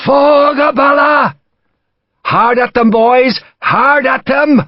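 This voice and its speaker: A man's voice: extremely high pitch, slow pace, no echo, dull audio, pitched above the performer's own voice, exaggerated voice. A man voicing a fierce Irish army major who rallies his men with urgent battle calls. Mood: roaring.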